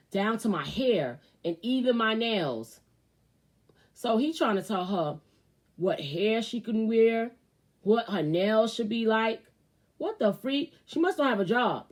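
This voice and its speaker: Speaking at medium pitch, the host of a laid-back advice program reads out a letter from a viewer. Her reactions swing between loud exclamations and asides muttered under her breath.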